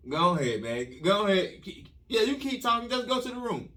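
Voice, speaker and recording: A man's voice: high voice, big pitch swings, a little fast, bright, forceful tone, far from the mic, voice pushed up, heavily acted. A man playing a stern mother who scolds in short, firm orders. The voice stays close to a man's own talking voice and is picked up from a little way off the mic. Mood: scolding. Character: stern no-nonsense mother holding a belt.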